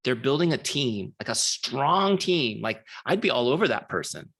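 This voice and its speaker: A man's voice: medium pitch, very animated, moderate pace, creaky, fairly bright tone. A middle-aged man giving a casual live training, telling a story and often checking in with his listeners. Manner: casual, chatty, frequent "like" and rhetorical checks.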